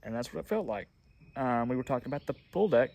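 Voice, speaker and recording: A man's voice: medium pitch, expressive, fast, creaky, a little mellow, a little hiss or hum. A young man, talking casually to camera as a small-business owner, rambling and repeating himself with frequent ums. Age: young adult. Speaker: pressure washing business owner. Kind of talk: casual storytelling vlog.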